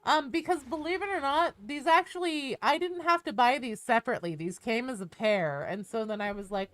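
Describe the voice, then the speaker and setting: A woman's voice: fairly quick, hardly any pauses, dry recording. A woman streaming a game, chatting casually, joking and swearing as she greets viewers. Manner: joking, swears, bursts into high excited greetings.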